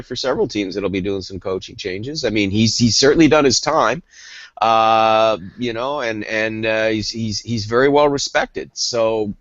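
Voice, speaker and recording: A man's voice: mid-range voice, a bit bright, no room sound, lo-fi sound. A man co-hosting a hockey talk show, rambling in casual chat with lots of fillers and restarts.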